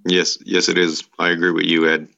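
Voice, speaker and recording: Italian-accented guy explaining things step by step, deep and gravelly, kinda muffled audio. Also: monotone, brisk, pushed and bright. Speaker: educator in a vocational program. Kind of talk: radio interview answers.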